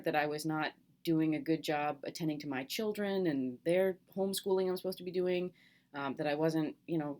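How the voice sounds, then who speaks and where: Sitting at her kitchen table at home, a middle-aged college teacher records a video message for her students. Her low-pitched voice is gentle, candid and reassuring, with some fillers.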